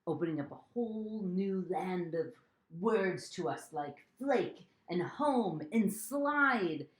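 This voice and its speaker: A woman's voice: fairly low pitch, expressive, takes it slowly, roomy sound. A young woman teaching an online reading lesson to children in an upbeat, playful way, singing a few phrases.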